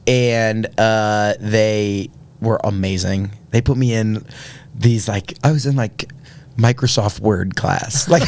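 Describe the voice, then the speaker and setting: A man's voice: medium pitch, a little mellow, clean tone. A man, telling a personal story earnestly on a podcast, with many fillers and restarts. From Indiana, USA. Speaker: podcast guest. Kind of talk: casual storytelling.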